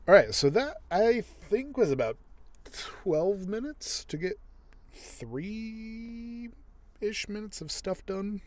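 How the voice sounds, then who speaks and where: With a high voice that swings widely in pitch, a sleepy audiobook narrator slowly talks along as he edits his own recording. He yawns, thinks aloud under his breath, and keeps sliding into whispers.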